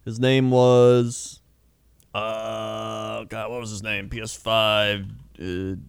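A man's voice: on the low side, flat delivery, extremely slow, clear, resonant tone, dry recording. A young man co-hosting a casual chat podcast, telling a rambling story with lots of fillers and swearing. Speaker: podcast co-host.

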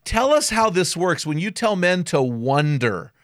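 A man's voice: a little high, big pitch swings, a little slow, fairly bright tone, dry recording, clean studio sound. A middle-aged man hosting a podcast interview, talking conversationally and often restarting his sentences. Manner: conversational, with frequent restarts and self-corrections. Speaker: podcast host.

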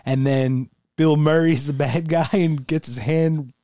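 Dark-voiced man in profane, laughing banter. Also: a little high, fairly even intonation, unhurried, dry recording, studio quality. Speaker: podcast co-host. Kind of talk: casual chat.

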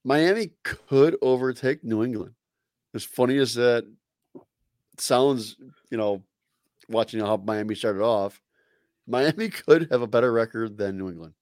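A man co-hosting a sports fan podcast in a laid-back, jokey way, with sudden loud outbursts. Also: medium pitch, a little slow, long pauses, no room sound, clean studio sound. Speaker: podcast co-host. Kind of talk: sports fan chat and show sign-off.

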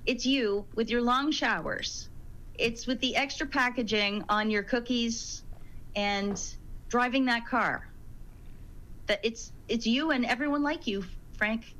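A man putting on a preachy woman's voice, lecturing slowly and scolding. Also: very high-pitched, bright, forceful tone, pitched above the performer's own voice, full character voice, poor audio.

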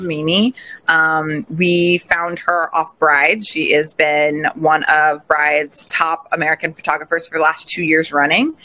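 A woman guest in a casual interview, telling her story in an animated, expressive way. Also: fairly low pitch. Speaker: podcast guest, recent bride.

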